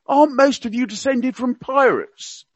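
A man voicing a blunt, tactless elderly royal gentleman, trying for a Cockney accent and firing off cheeky, rude one-liners. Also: very high-pitched, moderate pace, dry recording, pitched above the performer's own voice. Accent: attempted Cockney. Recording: dull, dry lo-fi sound.

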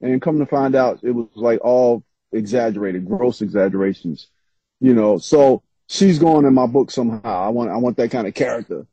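A man's voice: medium pitch, normal speed, husky, no room sound. A man, an author guest, telling stories in casual interview chat with frequent laughs. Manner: animated storytelling, laughs often. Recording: slightly dull lo-fi sound.

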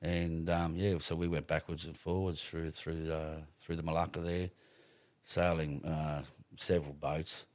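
A man's voice: extremely low pitch, flat delivery, a little slow, no echo. A middle-aged Australian man telling stories on a podcast as a guest, swearing freely and rambling with restarts. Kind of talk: casual storytelling.

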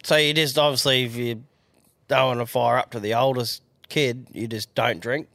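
A man's voice: medium pitch, fairly even intonation, moderate pace, a bit bright, no room sound. An Australian man co-hosting a podcast with crude, joking banter. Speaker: podcast co-host. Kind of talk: casual chat.

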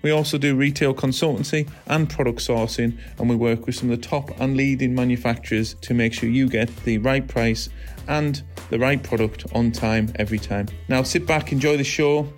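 A British man in his forties hosts a casual podcast, ribbing his co-host with dry, teasing quips. His voice sits at an ordinary middle pitch, with faint music underneath. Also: fairly even intonation, normal speed. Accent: British English. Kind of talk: casual chat.

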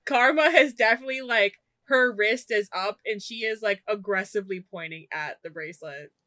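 A woman narrates her character's moves in a tabletop game, laughing often between lines. Her voice is bright and forward, and the close mic is dry. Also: medium pitch, dry recording. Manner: giggly, quick in-character narration. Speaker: player. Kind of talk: tabletop role-play narration.

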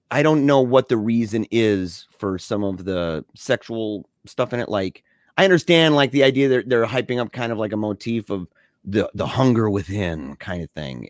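A man's voice: mid-range voice, dry recording. Guy telling a story on a podcast, laughs a lot, slangy, dry close sound. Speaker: podcast co-host. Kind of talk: casual chat.

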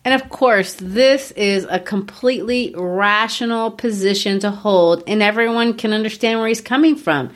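Measured woman discussing literature. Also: medium pitch. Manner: measured, explanatory, occasionally playful. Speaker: podcast co-host.

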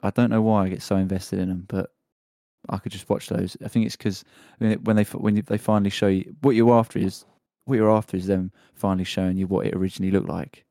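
A man's voice: low voice, level tone, fast talker, creaky, mellow, no echo, clean studio sound. A man co-hosting a podcast in casual chat, rambling and laughing often. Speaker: podcast co-host.

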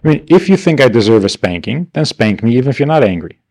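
Man teaching a class, lively rhetorical delivery. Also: medium pitch, fast talker. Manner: rhetorical, asks and answers himself; wry, mock-indignant asides. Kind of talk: class lecture.

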